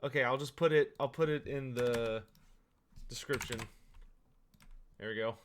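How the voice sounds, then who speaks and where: A man live-streaming from his desk at home, excitable and swearing, breaking into shouts and laughter. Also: medium pitch, unhurried, a little hiss or hum.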